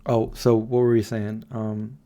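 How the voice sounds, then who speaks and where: Tired, low-voiced man hosting a late-night stream. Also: little pitch movement, unhurried, mellow, lo-fi sound. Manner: rambling, reads chat aloud and answers viewers. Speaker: livestream host. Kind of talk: late-night livestream chat. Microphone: desk microphone.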